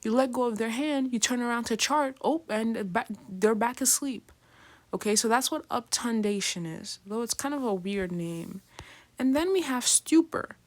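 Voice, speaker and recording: A woman's voice: on the high side, normal speed. Chatty woman giving a casual lecture. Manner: chatty, filler-heavy, keeps asking "right?"; acts out patients in slangy voices. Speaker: nursing lecturer.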